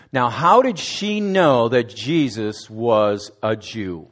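A man's voice: on the low side, very animated, moderate pace, hardly any pauses. A man giving a conversational sermon as a student ministries director, asking his listeners direct questions and now and then restarting words. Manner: conversational preaching, asks the audience direct questions, some restarts.

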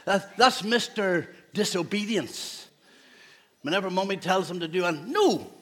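A man's voice: high-pitched, animated, a little slow. A man, a pastor giving a playful children's talk in a church service, asking the children questions. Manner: playful, asks children questions, laughs often.

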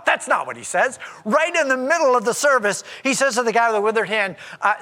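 A male pastor preaching a conversational sermon, animated and acting out the voices in the story. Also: very high-pitched, fairly quick, in a large hall. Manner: animated and conversational, acts out quoted speech.

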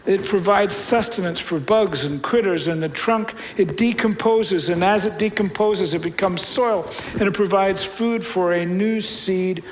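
A man preaching a sermon as a pastor, retelling scripture in a conversational, storytelling way with loud peaks and quiet stretches. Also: sits high, measured pace, few pauses, a little hiss or hum, poor audio.

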